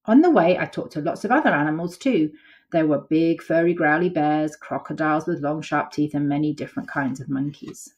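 A woman reads a picture book aloud to young children, her voice sitting a little low. She reads with lively expression and stops now and then to point out the pictures. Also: fairly quick. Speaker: storyteller.

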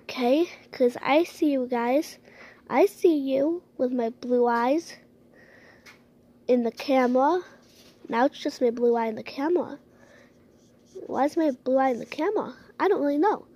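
A woman's voice: sits high, unhurried, pauses often, mellow. A girl hosting a playful home-made skit, teasing and dramatic. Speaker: video creator.

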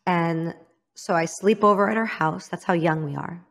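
A woman's voice: on the low side, normal speed, vocal fry. A woman from Illinois, a guest in an interview, telling a frank personal story and often calling herself out. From Illinois, United States. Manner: frank, self-critical, acts out others' lines.

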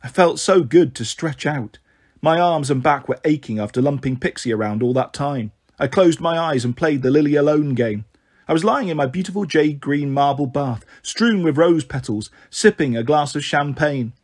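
A man narrating a children's novel in a steady first-person reading. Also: fairly high pitch, moderate pace. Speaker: storyteller.

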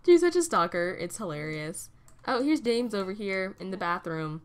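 A woman's voice: mid-range voice, animated, normal speed. A young woman casually commenting on a video game as she plays, chatty and giggly, often laughing at what happens on screen. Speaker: gaming video host. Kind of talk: casual let's-play commentary.

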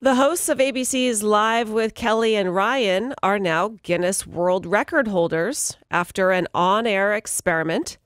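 A woman's voice: mid-range voice, a little slow, hardly any pauses, no room sound. A woman co-hosting morning radio, reading entertainment stories and laughing along with banter. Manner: bright, laughs often while reading stories. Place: radio studio. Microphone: studio mic.

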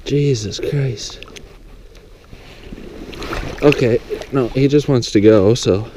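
A young man excitedly narrating his fly fishing outdoors by a lake, swearing often and exclaiming over his catch. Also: mid-range voice, takes it slowly, noisy background. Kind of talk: excited outdoor vlog commentary.

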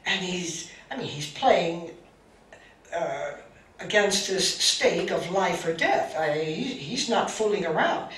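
Woman spiritual teacher, unhurried storytelling, halting restarts, distant echoey recording. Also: on the low side, animated, a bit bright. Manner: slow, halting, with many restarts. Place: meeting room. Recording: roomy, distant mic, faint hiss.

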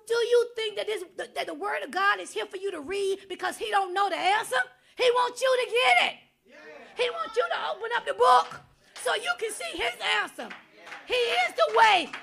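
A woman's voice: extremely high pitch, gravelly, bright, forceful tone. A woman preacher delivering an impassioned sermon, driving home her points with repeated rhetorical questions. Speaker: guest preacher.

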